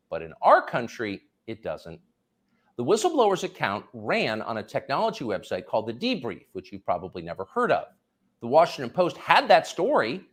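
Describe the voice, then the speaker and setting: A man hosts a political commentary monologue, dripping with sarcasm and mockery. His pitch leaps and plunges dramatically from line to line, around a middle register. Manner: sarcastic, mocking delivery. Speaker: commentary host.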